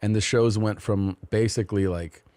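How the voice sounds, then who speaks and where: A man's voice: on the low side, steady tone, normal speed, mellow, no echo. A man co-hosting a comedy podcast, chatting casually and joking around. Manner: joking, playful, drops into mock English voices. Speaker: podcast co-host.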